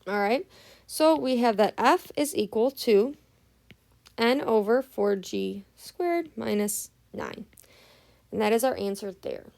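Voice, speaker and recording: A young woman teaches math step by step in a relaxed, patient way. She sounds tired, and her slightly high voice often drops into a gravelly fry. She keeps checking whether the class is following along. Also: slow pace. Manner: patient, explaining step by step with frequent "right?" checks. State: tired, early morning. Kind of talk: casual math tutorial.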